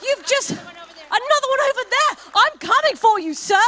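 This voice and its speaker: Very high, bright-voiced gala auctioneer woman. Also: animated, a faint crowd. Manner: effusive, rapid-fire praise of donors, calling out amounts. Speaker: fundraising auctioneer. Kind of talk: live paddle-raise appeal at a gala. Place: gala event hall.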